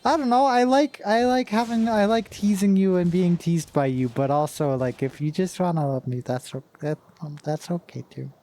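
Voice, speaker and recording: A woman's voice: fairly low pitch, moderate pace, few pauses, mellow. A woman streamer chatting casually with her viewers while gaming, rambling and emotional, with sudden frustrated outbursts.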